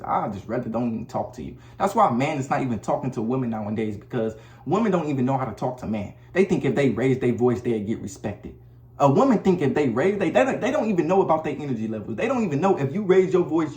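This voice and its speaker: A man's voice: medium pitch, a little mellow, echoey room. A man giving blunt, preachy relationship advice to the camera in a casual monologue, talking in slang and often repeating himself. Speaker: vlogger. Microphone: camera mic.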